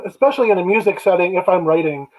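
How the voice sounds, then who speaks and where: A man's voice: high-pitched, lively intonation, racing, muffled recording. A male guest, a songwriter and performer, talking easygoingly in casual chat.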